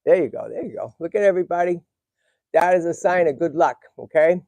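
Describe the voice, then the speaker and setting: A middle-aged man chatting on a live stream, his fairly high voice carrying a gravelly edge. He sounds close and dry, emotional, and he keeps restarting his sentences as he talks to his viewers. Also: lively intonation, brisk, a little mellow, no echo. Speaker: livestream host. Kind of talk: casual live stream chat.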